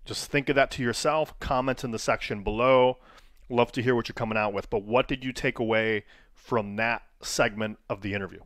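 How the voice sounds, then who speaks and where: A man of middle pitch leads an online training lesson, asking his viewers question after question. He coaches in a plain, direct way. The recording is dry and close. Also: steady tone, fairly quick, fairly bright tone, no room sound. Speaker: wrestling coach.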